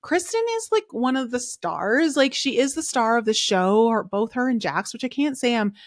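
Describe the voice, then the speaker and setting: A woman's voice: a little high, animated, normal speed, no room sound, clean studio sound. A woman hosting a podcast, recapping a reality show in a casual, chatty way full of fillers and strong opinions. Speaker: podcast host.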